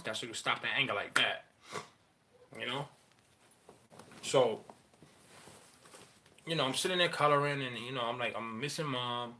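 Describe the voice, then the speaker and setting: A man in a candid personal monologue, rambling and profane, halting often with fillers as he talks about his feelings. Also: medium pitch, pushed and bright, a little hiss or hum. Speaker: father sharing personal story.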